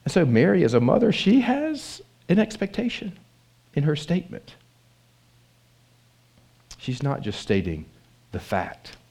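Lively conversational male preacher. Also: on the high side, unhurried, gravelly, pauses often, breathy edge. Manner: animated, conversational, asks the audience questions. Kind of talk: sermon.

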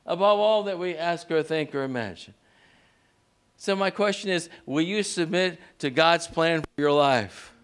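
A man preaching a sermon in a church, leading the congregation in call-and-response and pushing his pitch up sharply on key words. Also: a little slow, a bit bright, smooth. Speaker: pastor.

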